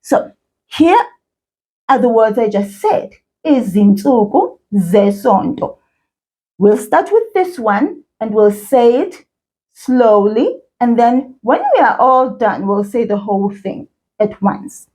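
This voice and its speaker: Slow, lively-voiced teacher woman. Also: a little high. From South Africa. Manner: slow, encouraging, repeats words for learners to echo. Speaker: children's isiZulu teacher. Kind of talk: children's language lesson.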